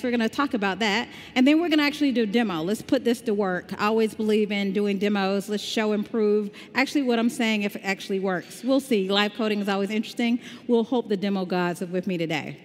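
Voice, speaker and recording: A woman from the American South with a slight Southern drawl, giving an upbeat, conversational tech conference talk. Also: medium pitch. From Southern United States. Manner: upbeat, conversational, explaining step by step. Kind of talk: conference talk with live demo. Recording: long hall reverb.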